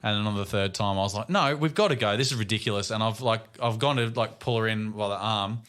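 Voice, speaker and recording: A man's voice: lowish voice, level tone, quick pace, fairly bright tone, smooth. An Australian man in his thirties chatting on a podcast, making dry jokes and telling stories about his children. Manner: dry, wry jokes and asides. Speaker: podcast co-host. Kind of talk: casual chat.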